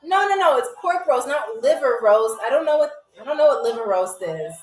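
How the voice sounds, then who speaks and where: A woman with a high, bright voice, hosting a live game show as a playful stewardess. She chats animatedly to viewers, calling them y'all. She sits back from the mic in an echoey room, with faint music underneath. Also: lively intonation, brisk, recorded from a distance. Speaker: host playing a flight attendant on a live game show. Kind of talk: playful live-stream role-play as stewardess.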